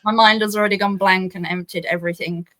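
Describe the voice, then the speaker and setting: A woman's voice: mid-range voice, fairly even intonation, fast talker, a bit bright, no echo, low-quality recording. Giggly woman guest thinking aloud. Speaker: podcast guest. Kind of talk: casual podcast chat.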